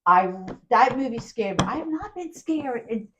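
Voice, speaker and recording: A woman co-hosting a casual podcast chat, telling animated stories with frequent laughs. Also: fairly high pitch, normal speed, noisy background. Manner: animated storyteller, laughs often. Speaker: podcast co-host. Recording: dull lo-fi sound.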